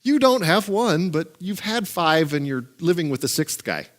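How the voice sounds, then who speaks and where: A man doing a calm, gently teasing Jesus. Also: on the high side, normal speed. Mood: easygoing. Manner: easy and casual.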